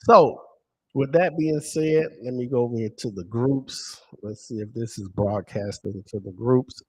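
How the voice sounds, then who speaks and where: A man's voice: medium pitch, measured pace, husky. A man hosting a live stream and walking viewers through a screen, emphatic and asking himself questions he then answers. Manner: emphatic, asks and answers his own questions. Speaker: lottery stream host.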